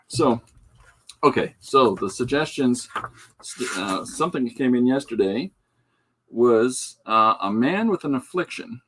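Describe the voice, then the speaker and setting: A comic artist hosting his own show chats and rambles casually while showing his artwork, tossing in jokes, fillers and asides. His husky voice is on the low side and fairly bright, with big pitch swings and a fairly quick pace.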